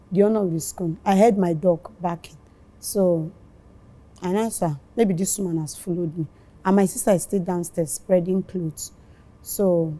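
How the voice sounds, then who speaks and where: A woman with a Nigerian accent recounting an incident as a mother being interviewed, animated and tearful, acting out the dialogue. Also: fairly low pitch. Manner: animated, reenacts dialogue in Pidgin.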